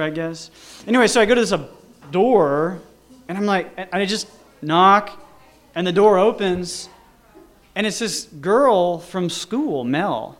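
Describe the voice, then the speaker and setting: Guy telling a story kinda rambly, lots of likes and you knows, slightly high voice. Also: a bit bright. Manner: rambling, full of "like" and "you know" with frequent restarts. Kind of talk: casual personal storytelling.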